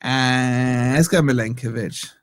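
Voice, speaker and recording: A man's voice: mid-range voice, fairly even intonation, slow pace, no room sound. A young man hosting a live football fan reaction stream, rambling and joking while he interrupts himself. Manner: rambling, self-interrupting, jokey. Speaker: fan channel host.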